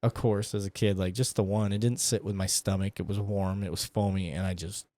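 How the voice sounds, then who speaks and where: Low-voiced chatty podcast host from Michigan. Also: male voice, fairly even intonation, brisk, mellow, no echo. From Flint, Michigan. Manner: joking, chatty, laughs often. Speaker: podcast host, former military. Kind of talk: casual conversation.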